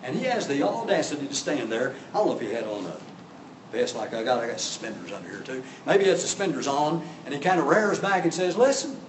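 Speaking fast at medium pitch with big swings in intonation, a man preaches a sermon, bringing the story to life with drama and character voices. There's a little hiss or hum, and the mic is far off in an echoey room.

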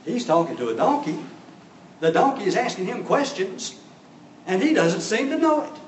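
A man's voice: high voice, big pitch swings, normal speed, slight background noise. A man preaching a sermon, telling the story with drama and acting out voices. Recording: echoey room from a distance.

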